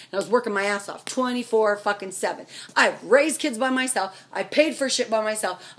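A woman's voice: on the high side, fairly bright tone, a little hiss or hum. A middle-aged woman ranting furiously and profanely at her husband, firing off angry questions. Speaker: vlogger. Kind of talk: angry rant to camera.

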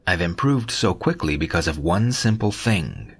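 A man's voice: deep voice, animated, normal speed, husky, full character voice. A man voicing a young male cultivator who talks to his father in a pleading, slightly defensive way. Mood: exasperated. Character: young male cultivator, earnest, a bit guilty. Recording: soft background music.

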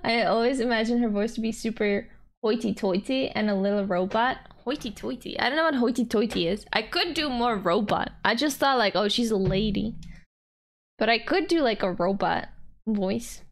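A woman's voice: fairly high pitch, moderate pace. A young woman streamer giving playful, casual commentary on a game and chatting with her viewers. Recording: faint game music behind.

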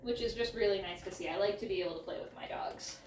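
A woman's voice: medium pitch, fast, a little hiss or hum. Woman training her dog, roomy distant sound. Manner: relaxed explaining, interrupted by short upbeat dog commands. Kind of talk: casual demonstration. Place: at home with her dogs. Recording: roomy sound, mic at a distance, faint ambience.

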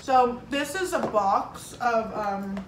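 A young woman in her twenties hosting a casual chat mukbang, bubbly and animated, laughing often. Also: fairly high pitch, takes it slowly. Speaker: YouTuber host. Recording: echoey room, distant mic, some noise.

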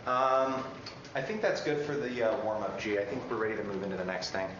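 Man, house contestant, lively and boastful, distant, muffled, noisy, echoey. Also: on the low side, brisk. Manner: lively and boastful, calls out scales. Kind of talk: casual group chat and leading singing drills. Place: room in a shared house. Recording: far-off, very echoey, dull, noisy room mic.

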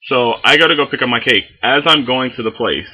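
A young man telling a story in a casual vlog, animated and full of swearing. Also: mid-range voice, fairly quick, slightly rough, poor audio. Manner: animated, heavy swearing, lots of fillers. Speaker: vlogger.

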